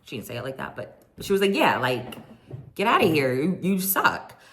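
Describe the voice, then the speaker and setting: A woman recapping a reality TV reunion in a chatty, sassy way, quoting people in animated voices. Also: extremely low pitch, fairly quick. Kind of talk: casual chat recap.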